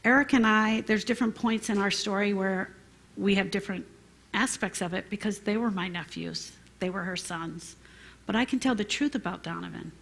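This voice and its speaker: A woman with a gravelly, slightly husky voice leads a grief recovery class. She explains the material plainly and conversationally, speaking straight to the group. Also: mid-range voice. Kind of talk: teaching a class.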